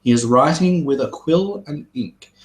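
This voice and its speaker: A man's voice: on the high side, expressive, measured pace, rough recording. A man running a tabletop game as game master, describing scenes loosely with many fillers.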